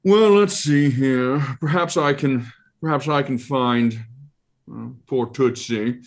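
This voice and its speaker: A pompous, genteel floating eye monster from a tabletop game, fussy and old-fashioned in its manners, as a man puts it on. The voice sits higher and louder than an everyday man's. Its phrasing stays polite and airy. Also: slow. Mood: fussy cheerful.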